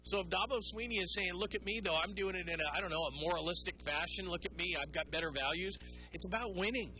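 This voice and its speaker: A sports radio host, a man with a high voice and a bright, forceful tone. He talks in an animated, rambling way and takes calls. He often drops into mocking put-on voices. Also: quick pace, low-quality recording. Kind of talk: call-in sports talk.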